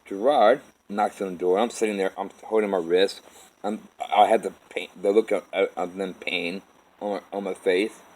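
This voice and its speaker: A man telling his own life story in a halting, rambling way, with many restarts. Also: low-pitched, fairly even intonation, a little mellow, poor audio. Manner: halting, with restarts and repeated "all of a sudden". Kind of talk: rambling first-person storytelling.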